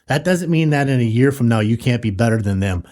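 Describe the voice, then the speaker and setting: A man's voice: medium pitch, animated, a little fast, darkish tone. A man co-hosting a podcast in casual conversation, earnestly urging listeners to chase their dreams. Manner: earnest, motivational, talks straight to listeners. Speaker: podcast co-host.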